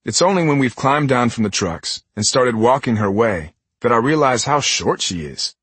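A man narrating a first-person audiobook in an expressive way, giving each character a voice. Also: mid-range voice, moderate pace, husky, no echo.

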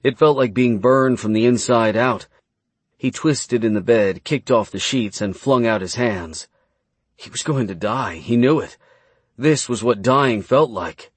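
A man narrating a fantasy novel as an audiobook, reading in a measured, dramatic way. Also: on the low side, breathy edge, dry recording.

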